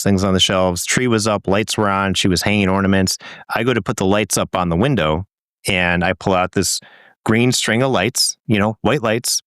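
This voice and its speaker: A man's voice: lowish voice, a bit bright, no room sound, studio quality. A man co-hosting a podcast, telling a long anecdote in casual chat and swearing freely. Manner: rambling storyteller, swears freely. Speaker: podcast co-host.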